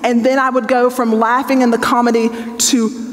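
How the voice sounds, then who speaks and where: Woman Bible teacher, forties, fairly high voice, candid testimony sermon, long hall reverb. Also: little pitch movement, normal speed. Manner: earnest and conversational, checks in with the audience. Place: large hall with an audience.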